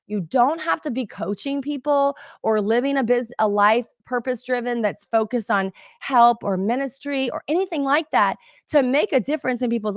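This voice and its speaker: A middle-aged woman coaching her audience in an animated, chatty motivational talk. Her voice sits a little high, and it is recorded dry, with no room echo. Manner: animated, chatty, addresses audience as "you guys".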